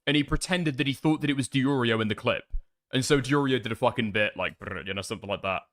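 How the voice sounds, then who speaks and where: A man's voice: mid-range voice, fast, a bit bright, no echo, clean studio sound. A man streaming live, rambling and thinking aloud in casual commentary, with frequent swearing.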